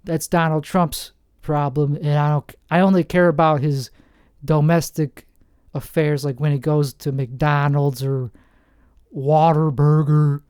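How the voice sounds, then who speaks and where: A man in his forties from New Jersey, hosting a rambling comedic monologue with deadpan, self-mocking asides. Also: fairly high pitch, a little slow, clear, resonant tone, no echo, clean studio sound. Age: 40s. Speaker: comedian host.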